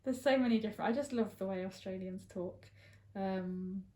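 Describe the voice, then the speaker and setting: An Englishwoman chats casually, laughing easily and stopping often for ums and restarts. Her voice sits in a middle pitch range. It is recorded in a roomy space with audible echo. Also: moderate pace, mellow. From England. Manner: chatty, laughs often, many fillers. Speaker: guest. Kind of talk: casual chat.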